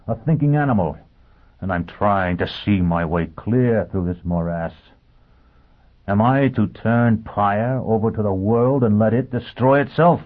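A driven, bitter man challenges a room with pointed, intense questions, as a man reads him. The voice sits fairly low and slightly husky. The sound is thin and tinny, like a phone line.

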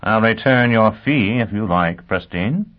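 A man voicing a cold, amused, ruthless spymaster who speaks in a smug, crisp way. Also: on the low side, unhurried, close to an everyday voice. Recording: tinny phone-like sound.

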